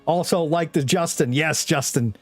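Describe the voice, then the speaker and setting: A man's voice: on the high side, normal speed, soft background music. A young man casually chatting with his viewers during a game live stream, rambling and joking, often with a laugh. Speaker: gaming streamer.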